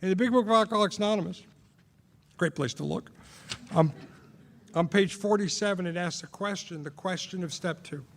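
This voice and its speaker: A man's voice: sits high, brisk, long pauses, fairly bright tone, long reverb tail. A man sharing his recovery story as a sponsor, asking rhetorical questions, repeating himself for emphasis and poking fun at himself. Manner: rhetorical questions, self-mocking, emphatic repetition. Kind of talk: recovery talk, personal sharing.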